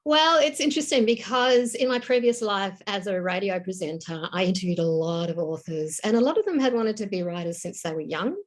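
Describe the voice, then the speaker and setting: A woman speaks as an interview guest, animated and emotional, often breaking into laughter. Her pitch sits mid-range for a woman. The talk is casual and warm in content. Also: a little fast, few pauses. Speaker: novelist guest.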